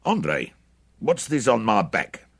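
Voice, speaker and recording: A man's voice: lowish voice, wildly swooping pitch, slow pace, vocal fry, husky, voice pushed up, full character voice. A man voicing a crude soldier who talks in a mocking, drawling way.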